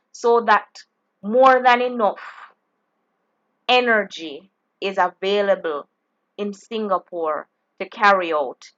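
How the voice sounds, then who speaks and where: A woman teaching a geography exam-prep lesson, explaining slowly and deliberately, often restarting her phrases. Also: medium pitch, a bit bright, highs cut off.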